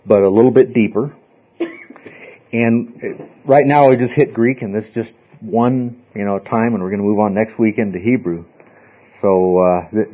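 A man teaching a Bible study class in an emphatic, informal way, often checking with his listeners. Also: lowish voice. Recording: dull lo-fi recording.

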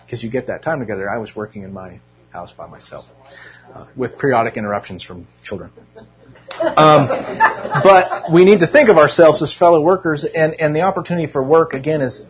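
A man's voice: medium pitch, lo-fi sound. A man giving an informal, conversational sermon to a church group, earnest with self-deprecating humor. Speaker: Bible teacher.

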